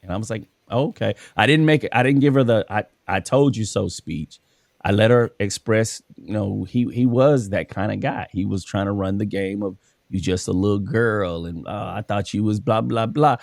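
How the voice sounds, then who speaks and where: A man's voice: on the low side, normal speed, creaky, darkish tone, dry recording, clean studio sound. A man hosting a casual conversation, telling stories from his work as a coach and acting out the dialogue. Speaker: podcast host and school coach.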